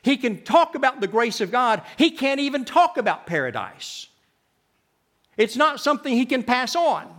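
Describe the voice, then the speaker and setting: Guy preaching with a high voice, gets loud then drops way quiet, repeats himself a lot. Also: very animated, moderate pace. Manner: dramatic, swings from loud to hushed, repeats words. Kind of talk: sermon.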